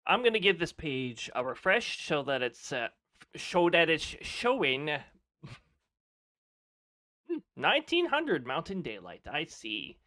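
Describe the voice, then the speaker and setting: A man's voice: on the high side, huge pitch swings, takes it slowly, long pauses, pushed and bright. A man chatting casually on a live stream, laughing often and reading off weather details.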